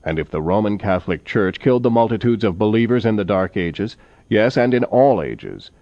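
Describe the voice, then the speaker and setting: A man preaching a sermon in a measured, solemn manner, reading scripture aloud. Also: on the low side, expressive, mellow, no room sound. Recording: dull lo-fi recording.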